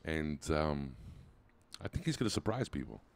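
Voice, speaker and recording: A man co-hosting a podcast outdoors on a street, talking loudly and joking around in casual banter. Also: rumbling low, sing-song, normal speed, vocal fry. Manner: joking, teasing, loud. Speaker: podcast co-host.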